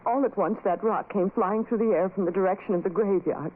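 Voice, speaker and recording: An actress playing a frightened young woman in a 1940s radio drama, pleading and quick to snap. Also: medium pitch, close to an everyday voice. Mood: anxious. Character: frightened young woman trying to stay brave. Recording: tinny lo-fi old radio recording with hiss.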